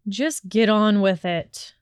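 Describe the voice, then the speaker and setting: A woman's voice: mid-range voice, steady tone, a little slow, darkish tone, clear, resonant tone, dry recording, lightly acted. Woman reader doing a sullen young wizard for an audiobook: bored drawl, clean dry read. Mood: sneering. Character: sharp-tongued sneering young wizard man. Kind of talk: fan fiction audiobook reading.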